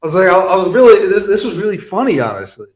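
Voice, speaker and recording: A man's voice: high-pitched, big pitch swings, racing. A young man co-hosting a podcast, chiming in eagerly and laughing along in casual chat. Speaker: podcast co-host. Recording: roomy echo.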